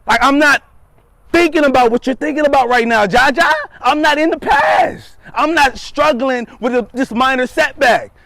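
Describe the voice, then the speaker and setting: Stern insistent god voice, guy doing it, really high pitched, keeps repeating himself. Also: normal speed, vocal fry, pushed and bright, dry recording, exaggerated voice. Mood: urgent, scolding. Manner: insistent, repeats lines for emphasis. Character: God, stern male divine voice urging.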